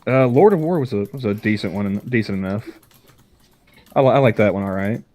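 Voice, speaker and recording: A man's voice: on the low side, fairly quick, darkish tone. A young man co-hosting a podcast, rambling in casual chat and often stammering and restarting his sentences. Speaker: podcast co-host.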